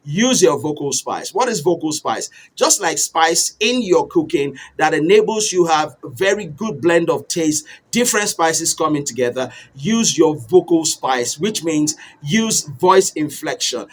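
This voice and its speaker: Male speaking coach, slightly high voice, animated teaching delivery with deliberate ups and downs. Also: breathy edge. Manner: animated, varies pitch and pace on purpose. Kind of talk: instructional talk to camera.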